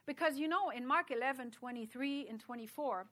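A middle-aged woman preaches in a bright, forceful voice that sits a little high. She talks to the congregation in a chatty way, full of asides. Her sermon sounds loose and personal rather than read from a script. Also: brisk. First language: French.

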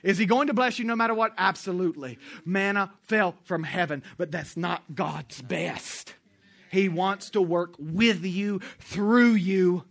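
Preaching a little slowly, this pastor has a high, sharp, bright voice with some vocal fry. He tells stories to his congregation in a loose, friendly way, tossing out questions for them to answer and adding asides to the audience.

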